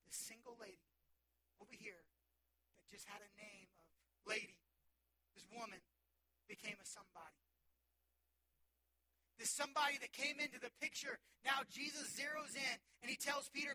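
A male youth pastor preaching a sermon, animated, swinging between loud bursts and hushed asides. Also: extremely high pitch, normal speed, long pauses, a crowd in the background, low-quality recording.

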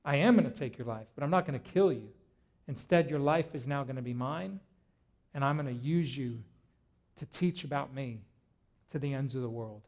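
A man voicing Jesus as a calm, grave man speaking from heaven in a quiet, measured way. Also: mid-range voice, pitched below the performer's own voice, close to an everyday voice. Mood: solemn.

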